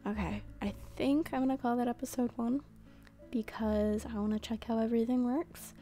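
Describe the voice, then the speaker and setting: A woman's voice: on the high side, steady tone, moderate pace, dark tone, soft background music. A young woman hosting a gaming channel, chatting casually and making goofy asides while she plays. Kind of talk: casual gameplay commentary.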